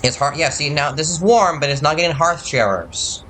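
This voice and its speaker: Male gamer, casual commentary, mid-pitched, chatty and quick with asides. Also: expressive, fairly bright tone, slight background noise.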